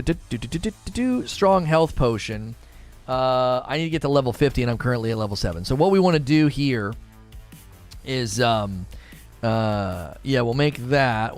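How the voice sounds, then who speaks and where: A young man streaming a game, talking casually, reading chat and laughing often at his own jokes. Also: mid-range voice. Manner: chatty, laughs often, mocking jokey asides.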